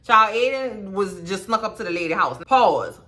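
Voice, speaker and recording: A young woman recapping a TV episode in casual, profane, animated chat. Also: mid-range voice, moderate pace. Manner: animated, profane, sassy storytelling. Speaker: commentary host.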